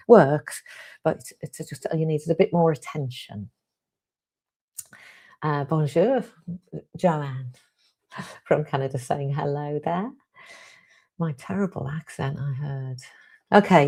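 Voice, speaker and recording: A woman's voice: low voice, a little mellow. A British woman hosting a live question-and-answer stream, chatting casually and rambling a little as she reads out viewer comments. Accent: British English. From United Kingdom. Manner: chatty and rambling, with frequent ums and restarts.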